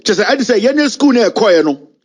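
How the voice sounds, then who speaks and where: A man's voice: sits high, sing-song, fast, darkish tone, breathy edge. A Ghanaian man giving heated political commentary, angry and mocking, switching between English and Twi.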